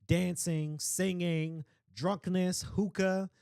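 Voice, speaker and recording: A young man hosting a podcast, telling a travel story in a rambling, chatty way full of asides and shout-outs. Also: sits high, fairly even intonation, slow pace, creaky, clear, resonant tone, dry recording. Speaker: podcast host. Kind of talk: casual chat.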